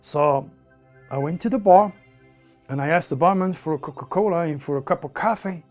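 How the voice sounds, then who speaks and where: A man with a French accent telling his life story in broken English, animated and repeating words as he goes. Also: on the high side, moderate pace, soft background music. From France. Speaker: interviewee. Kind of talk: personal storytelling.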